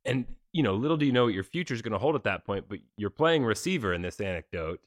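Relaxed male interviewer, dry sound. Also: lowish voice, fast talker, dry recording. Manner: relaxed, loose questions with fillers. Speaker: interviewer, podcast host. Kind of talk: conversational interview questions.

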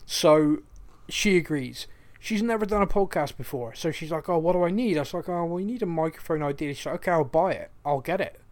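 A man's voice: a little high, brisk. A man with a Bristolian accent co-hosting a podcast, chatting casually and telling a story with lots of laughs. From Bristol, England. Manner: animated storyteller, laughs often. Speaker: podcast co-host. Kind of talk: casual chat.

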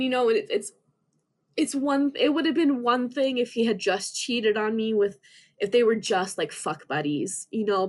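Her voice sits a little high as this young podcast guest recounts something personal and emotional. The telling is earnest and halting, full of restarts.

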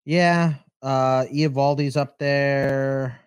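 A man's voice: mid-range voice, fairly even intonation, drawn-out words, smooth, no echo. A man co-hosting a fantasy baseball podcast, teasing his partner and chatting through his draft picks. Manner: teasing, playful, laid-back. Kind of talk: casual chat during a live draft.

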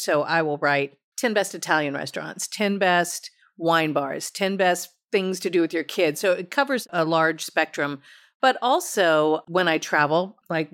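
Low-voiced woman answering casually. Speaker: guest.

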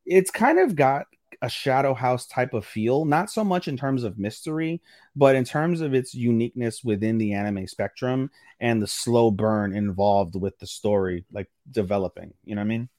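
A man co-hosting a casual podcast, recapping an anime episode with lively acted-out quotes and casual swearing. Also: medium pitch, moderate pace, no echo, studio quality. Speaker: podcast co-host. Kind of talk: casual anime review chat.

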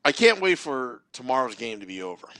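A man co-hosting a casual sports podcast, wry and measured. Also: medium pitch, big pitch swings, sharp tone, clear, resonant tone, no echo. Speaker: podcast co-host.

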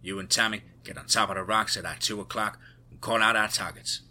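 A man's voice: lowish voice, fairly even intonation, brisk, bright, forceful tone, slight background noise. A man voicing a decisive male team leader giving firm orders in a spoken story. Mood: commanding.

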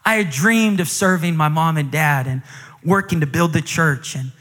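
A man in his thirties preaching a storytelling sermon as a guest speaker, animated and acting out the dialogue in his stories. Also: normal speed. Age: 30s. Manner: animated, acts out quoted dialogue, pitch climbs with emotion. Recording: long reverb of a large hall.

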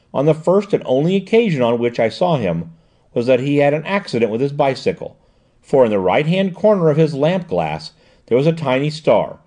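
A man reading the lines of a sharp, composed woman detective in an audiobook, explaining in a precise, measured way. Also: mid-range voice.

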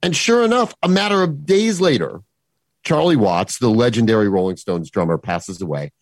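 A man's voice: medium pitch, normal speed, dry recording. A man in his fifties co-hosting a podcast, joking wryly in casual chat. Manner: wry, joking, animated. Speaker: podcast co-host.

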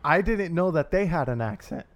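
A man with a high voice co-hosting a podcast. He tells animated stories and keeps cracking up at his own jokes, peppering everything with "dude.". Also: normal speed. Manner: laughing, animated, says "dude" a lot. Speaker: podcast co-host. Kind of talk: casual chat, storytelling.

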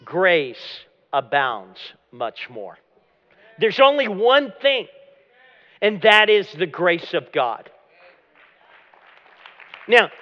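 A man preaching a dramatic sermon as pastor, often dropping to a low hush at the end of a phrase. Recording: long hall reverb, dull lo-fi sound.

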